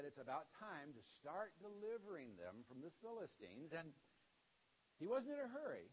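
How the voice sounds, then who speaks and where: A man delivers a children's story sermon in a folksy, informal retelling. His voice is high and very lively in pitch. The recording sounds dull and lo-fi. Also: a little hiss or hum.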